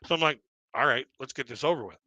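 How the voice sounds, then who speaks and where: A man's voice: medium pitch, quick pace, bright, forceful tone, dry recording. A man from Canada telling rambling, self-deprecating stand-up stories and laughing at his own jokes. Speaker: stand-up comedian. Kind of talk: stand-up storytelling on a live stream.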